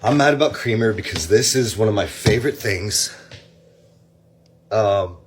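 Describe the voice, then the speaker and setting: A man's voice: lowish voice, expressive, a little slow, slight background noise. A man complaining casually to camera, annoyed, filling his talk with "like".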